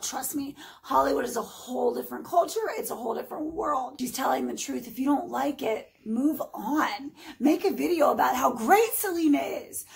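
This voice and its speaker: A woman's voice: high-pitched, creaky, low-quality recording. A woman in her forties ranting on her own vlog, emphatic and sarcastic, speaking straight to her critics. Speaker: vlogger. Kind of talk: heated casual vlog rant.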